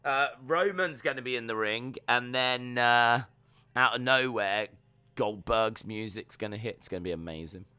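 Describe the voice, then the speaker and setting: Chatty streamer, bright tone, dry mic, reads chat and riffs on the show. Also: male voice, medium pitch, measured pace, smooth, no room sound. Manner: joking, rambling, reads viewer comments aloud. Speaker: watch-along streamer. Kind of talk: live reaction stream, reading chat.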